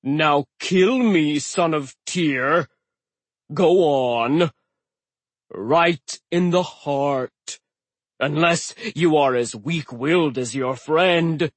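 A man voicing a croaking, sneering stone giant. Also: a little high, no room sound. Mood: mocking menace. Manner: slow, sneering and menacing. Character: mocking wounded male stone giant, spiteful.

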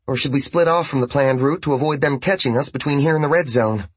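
A man voicing a calm, measured woman on a tactical team. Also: mid-range voice, husky, no echo, pitched above the performer's own voice, close to an everyday voice.

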